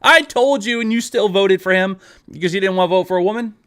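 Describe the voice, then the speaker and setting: A man's voice: sits high, fast, a bit bright, smooth. A man ranting at his viewers in a live video, profane and exasperated, talking straight at them. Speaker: online creator.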